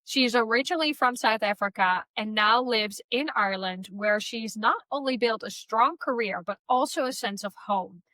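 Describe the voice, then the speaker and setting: Woman, podcast host, higher voice, bright tone, dry close sound. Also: normal speed, few pauses, dry recording. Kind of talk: casual podcast chat.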